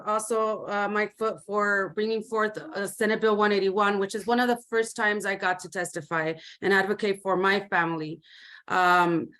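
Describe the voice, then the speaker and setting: A woman advocate from Colorado giving an earnest personal testimony on a video call, halting with many fillers and mixing in Spanish words. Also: medium pitch, fairly bright tone. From Commerce City, Colorado. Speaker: community advocate.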